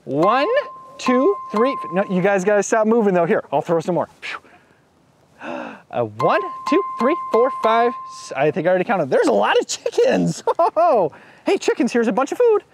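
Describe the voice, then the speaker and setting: A man hosts a kids' show by a farm pen outside, his voice sitting high and his pace normal, with background noise behind him. Talking to young children, he gets excited, gasps, and does sing-song animal sounds.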